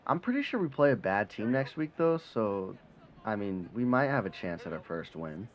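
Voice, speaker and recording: A young man giving casual, animated commentary over a football video game, cursing and swinging between frustration and excitement. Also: on the low side, normal speed. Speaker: gaming commentator. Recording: slightly dull sound, faint background noise.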